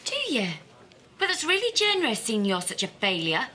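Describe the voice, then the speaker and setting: An actress playing a sharp, sarcastic, defensive woman in a TV soap. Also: on the high side, sing-song, moderate pace. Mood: bitter. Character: bitter, defensive woman rival cleaner.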